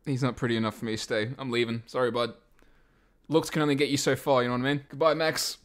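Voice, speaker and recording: A young man giving loud, exaggerated let's play commentary, swearing and laughing as he plays. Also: medium pitch, fairly even intonation, quick pace. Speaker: gamer playing a game.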